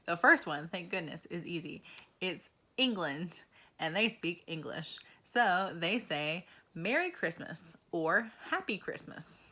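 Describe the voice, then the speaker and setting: A woman in her twenties or thirties gives a slow, encouraging lesson to young children and asks them questions. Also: lowish voice, animated, pushed and bright. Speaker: preschool teacher.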